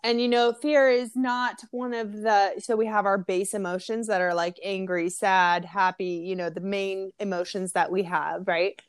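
A woman podcast host, slightly hoarse from losing her voice, chatting casually and telling stories with lots of fillers. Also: mid-range voice, normal speed, few pauses, no echo. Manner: chatty, animated storytelling with fillers.

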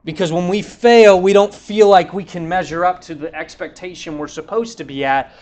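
Casual preacher man, slightly high voice. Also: steady tone, normal speed, darkish tone. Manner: retells scripture in a casual, conversational way, acting out quotes. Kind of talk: sermon.

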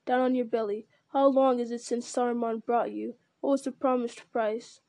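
Woman doing stern old wizard, scolding, mellow low-key tone. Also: steady tone, normal speed, dry recording, close to an everyday voice. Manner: piercing, rebuking.

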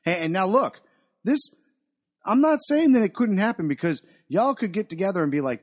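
A man's voice: high voice, expressive, moderate pace, a little mellow. A man co-hosting a casual podcast, rambling and correcting himself as he talks, with laughs at his own slips. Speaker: podcast co-host. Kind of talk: casual profane banter.

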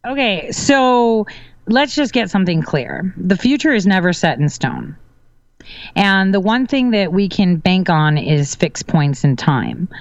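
A woman's voice: fairly low pitch, lively intonation, a little slow, no echo, highs cut off. A woman guest on a talk show, speaking in casual chat with assertive, confident claims.

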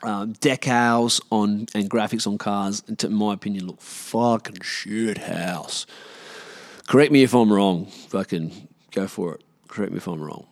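A man's voice: lowish voice, a little slow. An Australian man in his late thirties, a podcast host, ranting alone in a rambling, profane, sarcastic way. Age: 30s. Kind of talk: solo rant.

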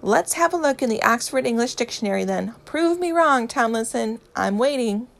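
A woman voicing an indignant, theatrical young man who gets worked up and speaks in slow, emphatic bursts. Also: a little high, animated, gravelly. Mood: exasperated. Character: indignant dramatic young man, easily outraged.

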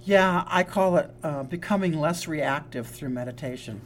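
This is a woman hosting a relaxed wellness talk in a somewhat low voice. She talks earnestly, stumbling and restarting with fillers as she explains ideas. A faint hum sits behind her. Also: normal speed. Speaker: co-host, psychologist. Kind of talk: casual podcast chat.

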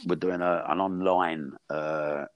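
A man's voice: low-pitched, fairly even intonation, slow, no room sound, muffled recording. An older man, a boxing coach chatting casually on a podcast, rambling and jokey.

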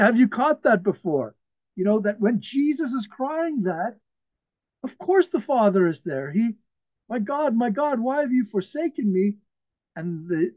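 A man preaching an earnest, emphatic sermon to an online church, chuckling softly now and then. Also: high-pitched, no echo, highs cut off. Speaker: pastor. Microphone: video call.

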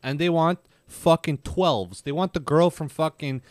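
A man's voice: fairly high pitch, measured pace, no echo, clean studio sound. A man co-hosting a casual podcast, cracking crude jokes in bro slang.

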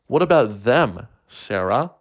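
A man voicing a smarmy male therapist who speaks in a low, hushed, syrupy tone. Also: very animated, slow pace, full character voice. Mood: soothing. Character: smarmy male therapist, soft and self-promoting.

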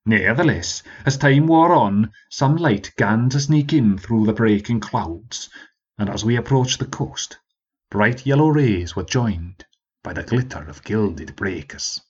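Husky, expressive male storyteller. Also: on the low side, unhurried, highs cut off. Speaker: narrator. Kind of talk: scripted narration.

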